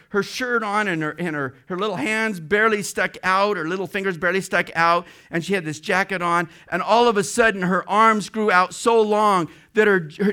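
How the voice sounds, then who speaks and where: Bright-voiced man telling a testimony. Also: clear, resonant tone. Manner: dramatic storytelling, rising high and loud when quoting prayer. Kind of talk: sermon testimony storytelling.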